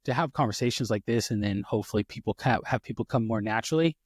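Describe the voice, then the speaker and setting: A man's voice: fairly low pitch, quick pace, slightly rough, dry recording, studio quality. A man hosting a casual podcast, rambling and self-deprecating with lots of restarts and fillers. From United States. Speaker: podcast host.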